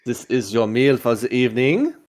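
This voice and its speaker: A man's voice: mid-range voice, expressive, normal speed, darkish tone, close to an everyday voice. A man voicing a timid, clumsy young male elf cook with a put-on French accent, talking in an apologetic, flustered way. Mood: proud. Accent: fake French accent.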